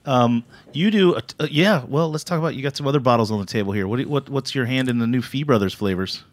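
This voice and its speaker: A man hosting a casual podcast interview, prompting his guest quickly with friendly short replies. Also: mid-range voice. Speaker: podcast host.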